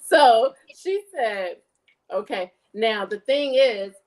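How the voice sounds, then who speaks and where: A woman's voice: slow, rough recording. A woman from New York whose accent blends New York and Virginian, telling a story in a casual podcast chat and acting out the people in it. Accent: New York mixed with Virginian. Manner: animated storyteller, jumps high to act out others. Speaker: podcast co-host.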